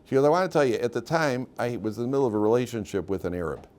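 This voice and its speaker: A man's voice: medium pitch, lively intonation, racing, a little mellow, lightly acted. A man voicing a young bride who earnestly recounts and thanks someone, in his own slightly raised voice.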